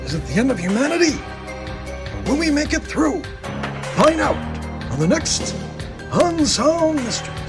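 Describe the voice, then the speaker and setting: A man putting on the voice of a grave, dramatic TV mystery-show narrator, booming and ominous, heard played back from a recording. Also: sing-song, a little slow, long pauses, over music, heavily acted. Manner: booming, ominous announcer delivery.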